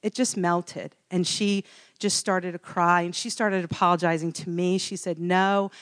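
A middle-aged woman telling a personal story in a casual interview, animated and laughing often. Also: lowish voice, normal speed.

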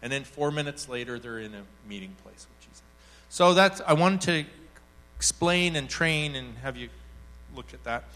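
At a church workshop, a man gives a teaching talk built around an anecdote, acting out the quoted voices with animation. His mid-range voice is animated, bright and pushed, at a normal speed.

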